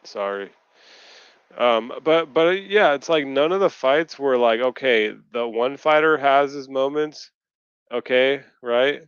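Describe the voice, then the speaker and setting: A frustrated man rants on a video call, swearing freely as he vents. His voice is smooth and clear at a middling pitch. The stream audio is dry and slightly dull. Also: a little slow, no room sound. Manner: profane, ranting, frustrated. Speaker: podcast co-host. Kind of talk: casual post-fight chat.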